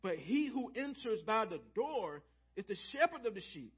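Calling out to his congregation in the church sanctuary, this male pastor delivers a sermon full of call-and-response and repeated key phrases for emphasis. His high, slightly rough voice swings widely in pitch at a moderate pace, captured on a muffled recording.

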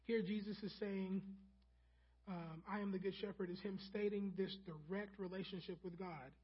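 A preacher delivering a sermon, emphatic and repetitive for stress, softening when quoting scripture. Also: mid-range voice, steady tone, moderate pace, breathy edge, lo-fi sound. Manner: emphatic, repeats key phrases for stress.

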